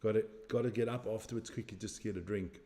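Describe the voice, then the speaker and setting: A man's voice: fairly low pitch, fairly even intonation, fast talker, mellow. A middle-aged man hosting a casual live stream, chatting loosely as he reacts to a match, answering viewers' comments and joking about his age. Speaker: watch-along stream host.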